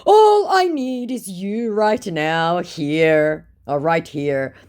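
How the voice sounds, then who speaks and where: A woman voicing a pleading older male romance scammer who speaks slow, broken English. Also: lowish voice, lively intonation, darkish tone, smooth, pitched above the performer's own voice.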